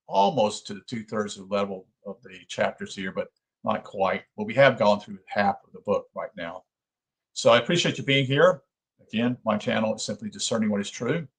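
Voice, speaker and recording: A man hosting his own channel, reading a book aloud and stopping to explain it in loose, halting talk full of fillers and restarts. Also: on the low side, low-quality recording. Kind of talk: book reading with spoken commentary.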